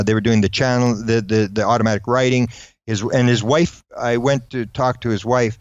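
Male storyteller, quick and animated, does little voices for quoted people; close, dry, slightly dull mic. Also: fairly low pitch, no room sound. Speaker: guest recounting UFO encounters. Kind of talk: anecdotal storytelling.

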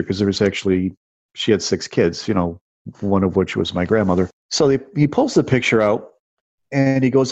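A man in his fifties, a guest telling personal stories, rambles casually, restarting and repeating words with lots of "you know" and "like." His lowish voice is a little mellow at a moderate pace, captured in a dull, dry lo-fi recording with no echo.

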